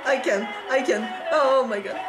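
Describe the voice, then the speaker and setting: A woman's voice: high-pitched, measured pace. A woman hosting a reaction video, gushing and squealing and singing along while music plays behind her. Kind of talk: excited reaction commentary. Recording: music playing loudly behind. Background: pop music playing.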